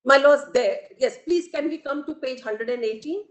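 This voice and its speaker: A woman advocate with an Indian accent, making a formal, deliberate courtroom argument and addressing the bench again and again. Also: sits high. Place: courtroom hearing. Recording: echoey courtroom audio.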